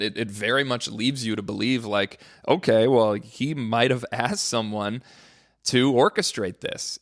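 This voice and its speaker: An American man hosting a casual solo podcast, swearing freely and jumping into high-pitched exclamations. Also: a bit bright, dry recording, clean studio sound. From United States. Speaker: podcast host.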